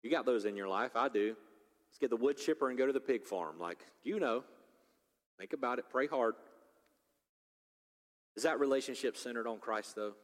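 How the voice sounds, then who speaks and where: A man's voice: mid-range voice, normal speed, pauses often. Impassioned preacher in his forties, echoing hall. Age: 40s. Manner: impassioned preaching, swinging between loud urgency and quiet intimacy. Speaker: pastor. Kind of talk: sermon. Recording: long reverb of a large hall.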